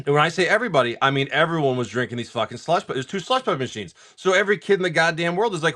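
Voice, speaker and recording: A man in his forties chatting casually on a live stream while opening card packs, rambling and swearing, with filler words and frequent throat clearing. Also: fairly high pitch, lively intonation, fast talker, a bit bright. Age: 40s. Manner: rambling, profane storyteller.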